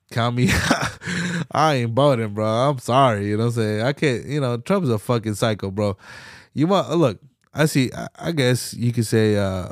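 Podcast guy going off, cussing nonstop, loud then mumbly, dry close mic. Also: dry recording. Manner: profane, heated, slangy ranting; swings between loud outbursts and low mutters. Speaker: podcast host. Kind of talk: casual political rant.

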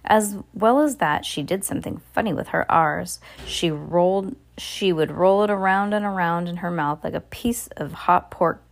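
A woman's voice: on the low side, moderate pace, gravelly, hardly any pauses. A woman reading a children's novel aloud in a casual, unpolished way, often stumbling and restarting words, with an occasional aside to someone listening. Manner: asides to a listener beside her. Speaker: reader.

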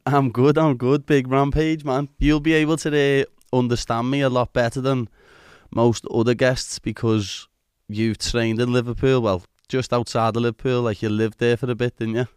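A man with a Scouse accent hosts in a chatty, informal way. His voice is smooth and clean, recorded dry and close, with nothing of the room around it. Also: mid-range voice, flat delivery, normal speed, a little mellow, no room sound. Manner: chatty, informal, uses "lad". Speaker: podcast host. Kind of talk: casual interview chat.

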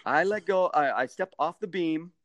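Middle-aged man, fairly high voice, dry close sound, animated storytelling, high bursts when quoting. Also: normal speed, no room sound. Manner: animated, acts out quotes with sudden high-pitched bursts. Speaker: guest, stadium mascot performer. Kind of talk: casual storytelling.

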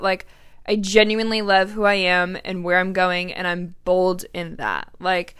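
This is a woman in her twenties speaking alone into her podcast mic. Her voice is smooth and clear at a middle pitch. She talks in an open, emotional, rambling way, filling her sentences with "like". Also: a bit bright. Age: 20s. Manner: chatty, emotional, heavy use of "like". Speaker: podcast host. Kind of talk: candid solo podcast monologue.

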